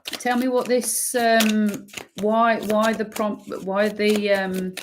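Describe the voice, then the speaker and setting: A woman giving an intuitive tarot energy reading, emphatic and swearing freely, pausing and restarting as she pulls cards. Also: medium pitch, level tone, background noise. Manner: pauses and restarts while pulling cards. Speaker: tarot reader.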